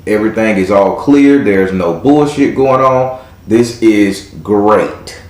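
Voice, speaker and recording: A man's voice: lowish voice, takes it slowly, reverberant. A man hosting a live tarot reading with a caller, talking in a playful, teasing way with casual slang. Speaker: tarot reader and host.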